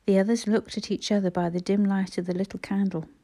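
A woman narrating a children's storybook as an audiobook, in a measured, expressive reading. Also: mid-range voice.

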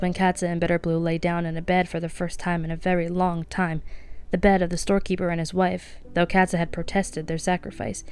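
A woman reading a novel aloud as a podcast host, soft-spoken and lightly voicing the characters. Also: fairly low pitch. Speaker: audiobook reader.

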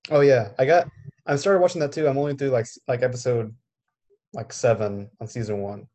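A man's voice: mid-range voice, steady tone, brisk, darkish tone. A man in casual chat, laid-back, mostly giving short replies.

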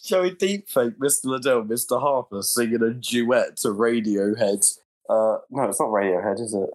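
A man's voice: mid-range voice, normal speed, darkish tone. A man co-hosting a podcast, chatting in an easygoing, giggly way. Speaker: podcast co-host. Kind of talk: casual chat.

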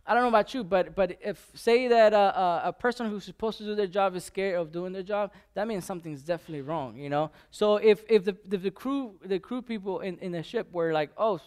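A man's voice: high voice, fairly quick, few pauses, darkish tone, clean tone. A man giving an informal sermon, talking conversationally with many restarts and fillers. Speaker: preacher.

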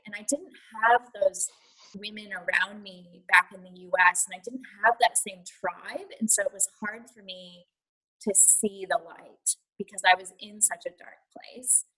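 Woman, podcast guest, reflective, candid, raspy breathy tone. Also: medium pitch, steady tone, measured pace, sharp tone, rough recording. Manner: candid and reflective, drops to a near whisper. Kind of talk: personal story on a podcast.

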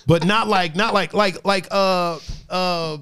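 A man's voice: sits high, fairly even intonation, takes it slowly, a bit bright, clean tone, no echo. A man hosting a casual podcast, joking and rambling with restarts as he reads out the live chat.

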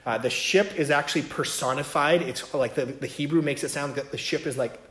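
A man's voice: fairly high pitch, a little fast, fairly bright tone. Man teaching scripture in an echoey room. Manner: conversational, many fillers and "right?" checks. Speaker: Bible teacher. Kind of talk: casual Bible teaching.

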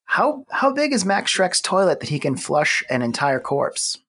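A man co-hosting a podcast, recapping a movie in a relaxed, wry way. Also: high voice, measured pace, a little hiss or hum. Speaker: podcast co-host. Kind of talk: casual movie-discussion chat.

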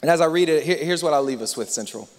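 A man preaching a sermon as pastor, moving between hushed, near-whispered passages and loud, impassioned stretches. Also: a little high, animated, quick pace. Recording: long reverb of a large hall.

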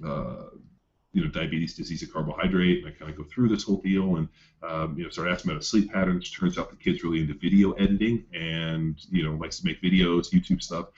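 A man's voice: deep voice, fairly even intonation, brisk, a little mellow. A man coaching athletes, rambling through a story in casual chat with lots of fillers and swearing. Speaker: coach telling a client story. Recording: dull lo-fi sound.

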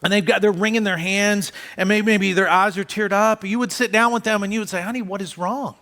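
A man, a pastor, preaching a conversational sermon who often drops soft and low for emphasis. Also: steady tone, a little fast.

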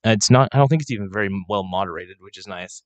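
A man's voice: on the low side, fast talker, no echo. A man hosting a casual livestream, rambling and swearing freely as he rants, speaking into a desk microphone. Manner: rambling, profane, irreverent. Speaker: livestream host. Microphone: desk microphone, not clipped on.

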